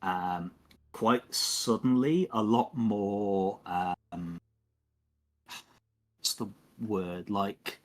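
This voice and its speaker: A man's voice: on the low side, very slow, long pauses, faint music behind. A man running a tabletop game as game master, narrating in a meandering way and searching for words.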